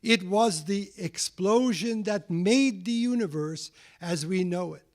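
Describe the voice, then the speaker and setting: Male guest lecturer, slightly high voice, playful wry humor. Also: takes it slowly. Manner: joking, wry asides. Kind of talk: public science lecture.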